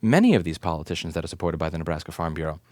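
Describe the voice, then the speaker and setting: A very deep, darkish voice belongs to a man in his thirties, a repair shop owner and advocate, ranting to camera very fast and expressively. Indignant and impassioned, he fires off rhetorical questions, swears for emphasis, and hammers points through repetition. The recording is dry and studio quality.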